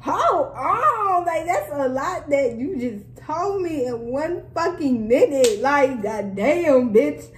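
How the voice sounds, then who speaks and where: Animated young woman telling a profane story. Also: high voice, slow, few pauses, roomy sound, slight background noise, poor audio. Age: young adult. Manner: animated, profane, dramatic retelling with laughs. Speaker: vlogger. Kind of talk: storytime vlog, casual chat.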